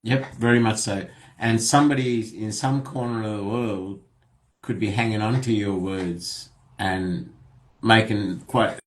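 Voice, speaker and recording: A man's voice: on the low side, fairly even intonation, measured pace, roomy sound. A man hosting an interview, agreeing and adding thoughtful remarks. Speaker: interview host. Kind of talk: casual interview.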